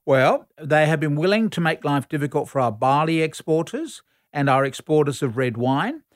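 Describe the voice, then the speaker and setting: A man, a foreign affairs commentator answering radio interview questions in a measured, explanatory lecturing tone. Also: fairly high pitch, expressive, no room sound, studio quality.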